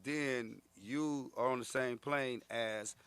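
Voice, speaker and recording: Gravelly, bright-voiced man telling stories. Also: mid-range voice, slow, no echo. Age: 30s. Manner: animated, profane storytelling with acted-out quotes. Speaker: guest comedian. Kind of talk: casual storytelling interview.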